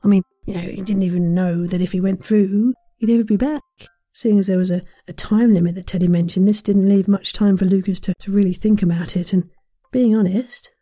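A woman reading a children's bedtime story aloud, with gentle, chatty asides to the listener. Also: mid-range voice, steady tone, brisk.

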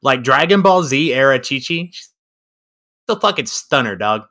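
Dude cohosting a podcast, crude jokey banter, lively bright voice. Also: male voice, medium pitch, moderate pace. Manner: crude, joking. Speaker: podcast co-host. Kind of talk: casual chat.

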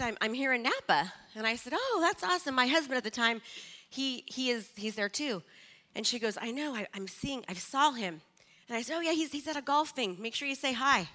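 A woman in her forties giving an energetic, chatty stage talk and drawing the live audience in, a little nervous. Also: a little high. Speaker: motivational speaker.

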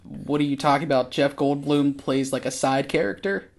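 A man's voice: on the high side, steady tone, normal speed. A man chatting casually on a podcast about a film, easygoing and agreeable, recounting favorite scenes.

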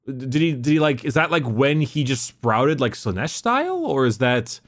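A man's voice: medium pitch, normal speed. A man in casual chat about game lore, rambling and swearing, reading bits from a wiki. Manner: rambling, profane, reads from a wiki.

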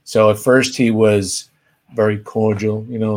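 A man co-hosting a casual chat, telling stories with lively pitch jumps and laughter. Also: measured pace. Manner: animated storyteller, pitch leaping when excited. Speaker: host.

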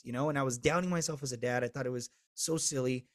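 Man in his thirties, open-hearted guest, swears, goes big then drops real quiet, dry mic. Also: medium pitch, fast, no room sound. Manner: animated storyteller who swings between loud and hushed, swears freely. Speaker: podcast guest. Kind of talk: candid storytelling interview.

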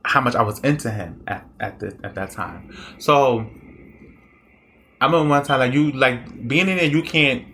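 A man's voice: mid-range voice, moderate pace, bright, forceful tone, slight background noise. A young man casually telling a story about his own past in a rambling, conversational way, full of fillers and restarts.

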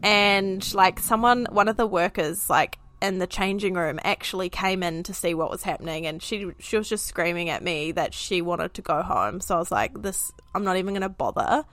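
Chatty New Zealand woman, bright voice. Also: fairly low pitch, moderate pace, few pauses, no room sound. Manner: chatty storytelling with frequent fillers and laughs. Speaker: podcast co-host, mother. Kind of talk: casual chat.

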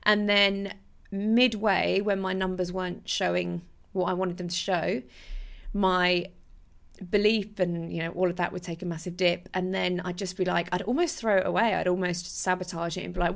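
Young woman, podcast host, chatty, low and slightly gravelly voice. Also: brisk. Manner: chatty, animated, with restarts and laughs. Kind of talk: casual solo podcast talk.

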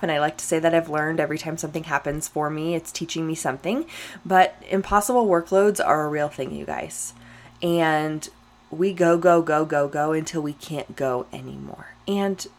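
A young adult woman hosting a casual solo podcast, talking candidly and emphatically straight to her listeners. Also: sits low. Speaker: podcast host.

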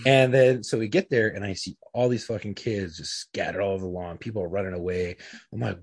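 Brief: husky middle-aged man, loose profane storyteller, dry close sound. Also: on the low side, fast, darkish tone, no echo. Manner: profane, rambling, uses lots of fillers. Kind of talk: casual storytelling among friends.

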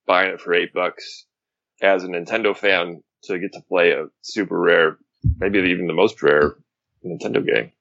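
A man co-hosting a casual gaming chat, relaxed and hesitant, with many fillers. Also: low voice, moderate pace, creaky, no room sound, lo-fi sound.

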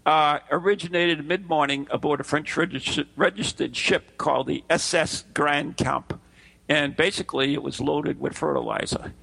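A man's voice: on the high side, steady tone, moderate pace, creaky, a bit bright. A man co-hosting a casual chat show, rambling and teasing, often stumbling over his words. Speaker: podcast co-host. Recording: voice breaking up over an online call.

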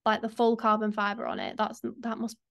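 A woman's voice: mid-range voice, big pitch swings, normal speed, vocal fry, a bit bright. A young woman hosting a casual podcast, chatting in a rambling way with lots of fillers. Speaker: podcast host.

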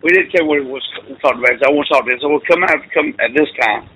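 A man's voice: fairly high pitch, rapid-fire, slightly rough, poor audio. A middle-aged man, a football coach telling folksy stories over the phone in an interview. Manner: animated, folksy storyteller with laughs. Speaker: high school football coach.

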